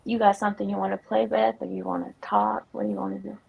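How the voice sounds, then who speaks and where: A woman with a deeply gravelly, husky voice hosts a casual livestream chat from her home office. She talks bluntly and swears freely, and she is shivering from the cold. The sound is dry, with no room echo. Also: level tone, quick pace, dull audio.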